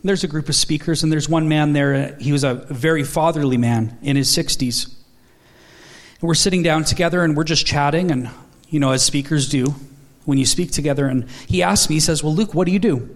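Man, thirties, somewhat high voice, earnest storytelling preacher. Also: a little fast. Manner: storytelling, earnest, quotes dialogue in his stories. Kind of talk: sermon.

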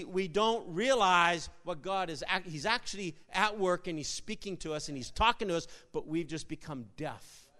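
A man with a high voice preaches in a church, telling jokes as he goes. He stumbles and repeats words, then bursts out loud now and again. His voice rings out in a long, echoing hall. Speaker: pastor. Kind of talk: sermon with jokes. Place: church sanctuary.

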